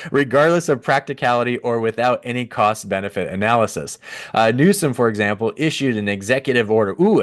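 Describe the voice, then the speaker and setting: A man hosting a podcast, reading from an article and breaking off into sarcastic, animated commentary with mock voices and laughter. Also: mid-range voice. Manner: sarcastic, animated, laughs at his own jokes. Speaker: podcast host. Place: at a computer.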